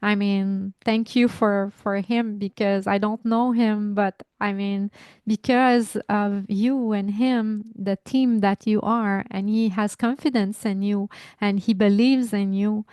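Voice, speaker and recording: A woman with a Québécois French accent hosting an interview, speaking in slow, affirming words of thanks to her guest. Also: medium pitch, steady tone, a little mellow, smooth, no echo, studio quality. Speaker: interviewer and host. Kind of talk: warm interview chat.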